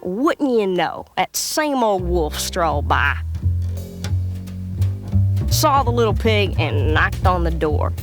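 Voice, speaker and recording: A woman, reading a storybook aloud as a folksy, expressive storyteller. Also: lowish voice, slow, long pauses. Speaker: narrator. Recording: loud music underneath.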